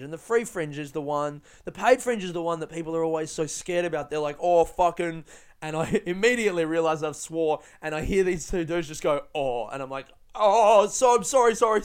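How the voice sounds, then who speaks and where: A man's voice: a little high, smooth. A man hosting his own podcast, telling a rambling, profane, self-deprecating story about his comedy gigs. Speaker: podcast host and stand-up comedian. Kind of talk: casual solo storytelling.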